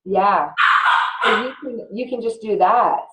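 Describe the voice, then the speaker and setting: A woman's voice: medium pitch, measured pace, a bit bright, reverberant, low-quality recording. A woman who is a guest on a casual live video chat, earnestly explaining practical tips step by step.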